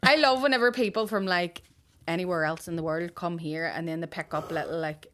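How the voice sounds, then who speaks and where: A woman's voice: on the low side, brisk, a bit bright. A woman in her thirties with a Northern Irish accent, hosting a podcast in loose, laughing banter full of swearing. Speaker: podcast host. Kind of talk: casual podcast chat.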